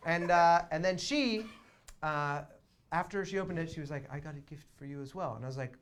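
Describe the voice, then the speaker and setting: A young man doing stand-up storytelling in a small theater, swinging between quiet asides and loud excited bursts. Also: a little high, a little fast, slight background noise. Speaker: comedian.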